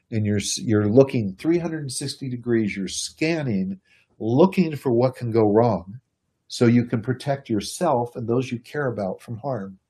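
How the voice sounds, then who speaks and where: A man giving a casual, animated explanation to a listener, chuckling and speaking to them directly. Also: medium pitch, slightly rough. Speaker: speaker explaining personality types.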